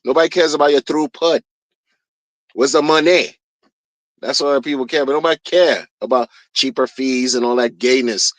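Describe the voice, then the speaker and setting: A man's voice: mid-range voice, moderate pace, no room sound. Blunt, slangy man ranting. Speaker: crypto streamer. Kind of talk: casual rant.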